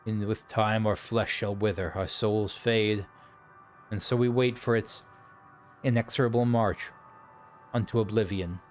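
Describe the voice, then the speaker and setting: Sorrowful, ancient ghost dragons in a fantasy game, speaking in slow and solemn archaic verse, as a man reads them aloud. The tone stays grave and weary, and soft game music plays faintly behind. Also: fairly low pitch, fairly even intonation, lightly acted. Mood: mournful.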